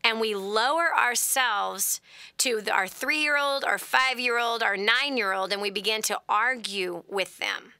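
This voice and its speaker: Bright, high-voiced woman hosting a call-in talk show. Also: unhurried, clear, resonant tone, no room sound. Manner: animated storytelling, laughs often, acts out voices. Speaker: host. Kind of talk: radio call-in advice talk.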